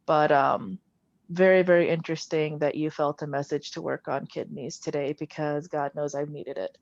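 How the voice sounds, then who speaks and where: A woman's voice: deep voice, fairly even intonation, normal speed, vocal fry, darkish tone, no room sound, muffled recording. Chatty woman sharing on a call. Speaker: participant. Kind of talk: casual personal sharing.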